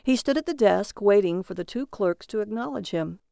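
A woman reading a story aloud in a steady, measured narration. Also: medium pitch, gravelly, no room sound, studio quality.

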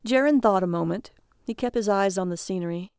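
Clear-voiced woman narrating a story. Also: mid-range voice, a little fast, a little mellow, dry recording, clean studio sound.

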